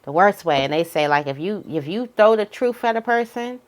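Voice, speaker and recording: Chatty tarot reader woman, low voice. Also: lively intonation, brisk, slight background noise. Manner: chatty, candid, breaks into high-pitched quoted voices. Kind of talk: casual tarot reading monologue.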